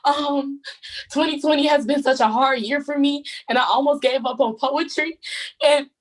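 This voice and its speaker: A woman's voice: high-pitched, brisk. A young woman giving an emotional acceptance speech after winning a contest, tearful and breathless with gushing thanks, talking into her phone on a video call. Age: young adult. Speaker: contest winner.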